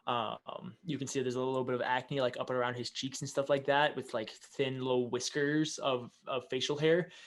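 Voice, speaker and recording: A man's voice: mid-range voice, flat delivery, moderate pace, hardly any pauses. A man narrating a tabletop game as game master, describing scenes casually with many fillers.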